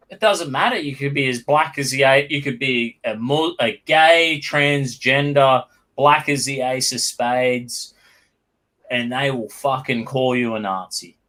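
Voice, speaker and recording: An Australian man hosts a casual podcast with a bright, forceful voice. He talks bluntly and emphatically, swearing freely as he makes his points. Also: medium pitch. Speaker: podcast host.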